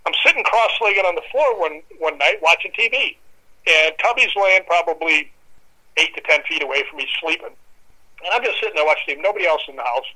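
On poor audio, a guest storyteller with a fairly high-pitched male voice talks briskly through a dramatic story from his own life during an interview. His telling is animated, full of acted-out voices and growling like a dog.

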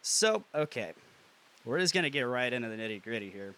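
A man's voice: mid-range voice, sing-song, fairly quick, pushed and bright, clean tone. A man hosting a podcast in casual chat, rambling and chuckling as he jokes around. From US Midwest. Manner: rambling, chuckling, loose and joking. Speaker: podcast host.

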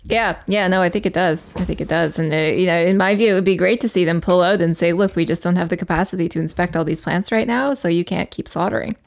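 A woman's voice: on the low side, fast, gravelly, hardly any pauses. A woman co-hosting a podcast, earnestly explaining news stories in casual chat. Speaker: podcast co-host.

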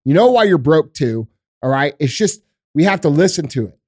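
Blunt, profane man with a higher voice. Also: sing-song, normal speed, darkish tone, dry recording, studio quality. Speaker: podcast host. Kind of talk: casual motivational talk.

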